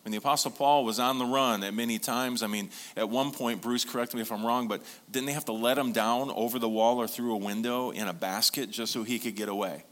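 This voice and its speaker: Male pastor, mid-pitched, animated storyteller, asks the room for amens. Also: a little fast, few pauses. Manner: lively storytelling with congregation call-and-response. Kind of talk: sermon.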